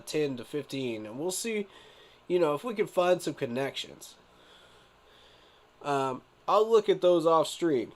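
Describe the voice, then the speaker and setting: A man live-streaming his reaction to a sports event, emphatic and exasperated, talking straight to his viewers with rhetorical questions. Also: medium pitch. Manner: emphatic, addresses viewers directly as y'all.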